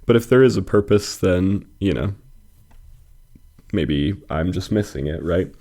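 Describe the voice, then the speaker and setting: A man's voice: low voice, expressive, a little slow, dark tone. A young man hosting a review of fan poetry, reading poems aloud and critiquing them in a thoughtful, hesitant way. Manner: thoughtful, hesitant, many fillers and restarts. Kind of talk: casual critique and poem reading.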